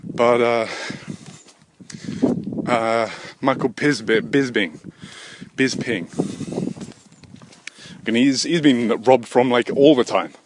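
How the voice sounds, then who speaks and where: A man's voice: mid-range voice, takes it slowly, pauses often. A young man, rambling and swearing in a self-deprecating monologue while walking outdoors with a handheld camera. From England. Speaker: vlogger. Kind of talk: rambling walk-and-talk monologue. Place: outdoors, walking by a road in the wind. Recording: wind noise outdoors. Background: wind and passing traffic.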